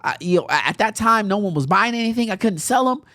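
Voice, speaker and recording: The podcast host, a young adult woman, talks quickly in a mid-range voice, recounting something from her own life with animated energy and frequent laughter. It's a dry, studio-quality recording.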